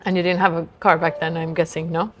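A woman hosting a podcast interview who keeps up quiet backchannel and often finishes her guest's sentences. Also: sits low, level tone, quick pace. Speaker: podcast host.

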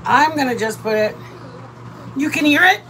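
A chatty woman from Michigan hosts a casual live cooking stream from her RV, with a high, light voice. She rambles from topic to topic and laughs often, with a faint hiss behind her. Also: animated, normal speed. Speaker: vlogger cooking with her partner. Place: RV campsite during a rainstorm.

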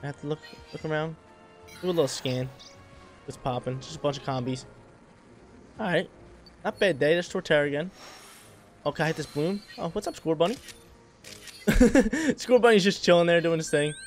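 A young man giving casual, excitable gameplay commentary full of slang, talking to the creatures on screen. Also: fairly high pitch, brisk, pauses often, faint music behind. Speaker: gaming channel host.

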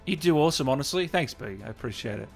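Chatty livestream host. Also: male voice, a little high, animated, fast talker, vocal fry, faint music behind. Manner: chatty, reads out viewer comments, laughs often. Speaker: gaming livestream host and interviewer. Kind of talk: casual livestream chat.

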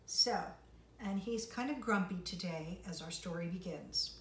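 A woman's voice: on the low side, a little slow. A woman music teacher giving an online lesson to young children, encouraging and sing-song as she reads a story. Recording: roomy, distant mic, faint noise.

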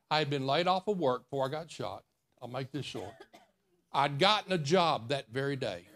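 A man's voice: a little high, a bit bright. A man preaching a sermon, telling a personal story in a folksy, intimate way. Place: church.

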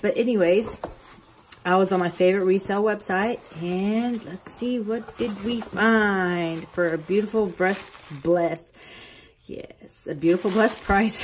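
A woman vlogging an unboxing from her bathroom at home, excitable and gushing, rambling as she talks. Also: fairly low pitch, moderate pace, slight background noise. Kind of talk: casual unboxing vlog.

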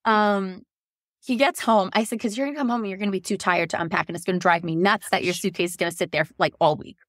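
Woman, 30s, podcast guest. Animated storyteller who jumps up in pitch for quoted lines, dry close mic. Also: fast, no room sound. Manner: animated, laughs often, acts out quotes in a higher voice. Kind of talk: casual storytelling.

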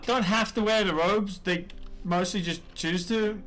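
Playful high-voiced streamer. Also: male voice, fairly even intonation, unhurried, fairly bright tone. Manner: playful, chatty, hums and makes sound effects. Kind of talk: casual gameplay commentary.

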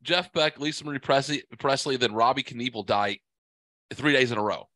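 Foul-mouthed man ranting, bright and dry. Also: medium pitch, normal speed, dry recording. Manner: profane angry ranting. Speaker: podcast host. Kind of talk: casual podcast chat.

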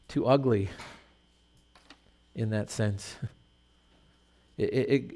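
A man's voice: medium pitch, a little mellow. A middle-aged male pastor preaching a sermon in a conversational, storytelling way with rhetorical questions.

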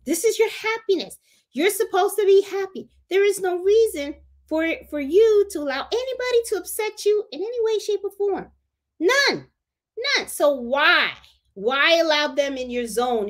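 A woman with a Puerto Rican accent hosting a casual live stream about sewing, chatting and repeating herself for emphasis. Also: extremely high pitch. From Puerto Rico. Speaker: crafting channel host.

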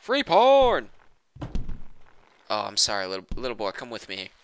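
A man giving loud, goofy running commentary over a video game, swinging between squeals and low mutters. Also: fairly even intonation, fast talker, a little hiss or hum. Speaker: gaming let's-player. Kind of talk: loud comedic gameplay commentary.

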